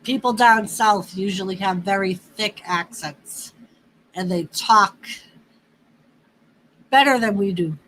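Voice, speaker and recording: A woman from the northeastern United States hosting a livestream, chatting casually in a drawn-out, easygoing way with laughs. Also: mid-range voice, a bit bright, rough recording. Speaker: livestream host. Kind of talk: casual chat with viewers and a partner.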